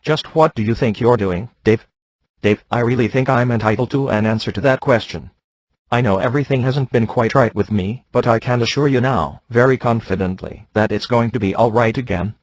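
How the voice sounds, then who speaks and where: A text-to-speech male voice reading the lines of a calm, polite ship computer in an even, unhurried way. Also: mid-range voice, no room sound, natural voice.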